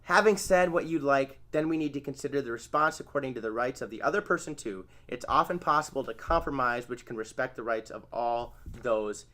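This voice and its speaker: Speaking briskly with few pauses, in a medium-pitched voice that's pushed and bright, a channel host gives a casual lesson on therapy skills. He keeps it conversational, acts out example phrases and corrects himself as he goes.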